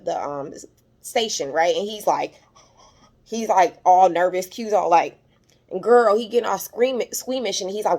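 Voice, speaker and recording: This YouTube recap host, a young adult woman with a lowish and a little mellow voice, casually retells a TV episode's scenes, quoting characters and filling gaps with fillers. She gets emotional at times, her voice rising when moved.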